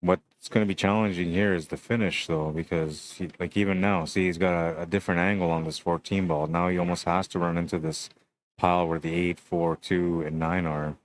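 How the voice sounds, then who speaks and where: A young adult man giving relaxed, chatty live commentary on a pool match and greeting stream viewers. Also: low voice, brisk.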